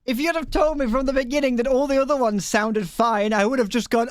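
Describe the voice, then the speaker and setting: A young man talks to his live-stream chat in a high, exasperated voice, rambling and putting himself down. The sound is dry and close, with no room around it. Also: expressive, moderate pace, dry recording. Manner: exasperated, rambling, self-deprecating.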